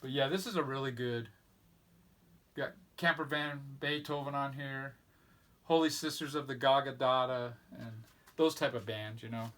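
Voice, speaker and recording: A man's voice: medium pitch, moderate pace, fairly bright tone. A man casually showing records from his collection, rambling and enthusiastic as he lists off bands. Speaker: record collector vlog host. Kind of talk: casual record show-and-tell.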